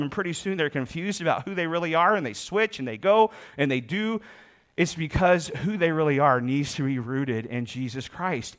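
A man's voice: on the high side, fairly bright tone. A man preaching a sermon as pastor, reading scripture aloud and explaining it with emphatic repetition.

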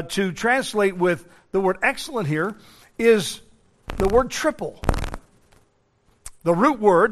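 Male preacher, high voice, emphatic sermon delivery with restarts. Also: fairly bright tone.

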